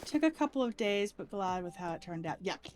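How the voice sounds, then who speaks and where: A woman streaming a block-building game in casual chat, giggly and excitable, with squeals when she is delighted. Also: medium pitch, brisk, soft background music.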